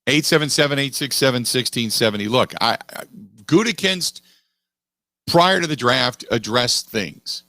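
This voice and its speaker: A middle-aged man hosting a sports talk radio show, making his case in an animated, emphatic way and repeating phrases for weight. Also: medium pitch, moderate pace, no echo, studio quality. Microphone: studio microphone.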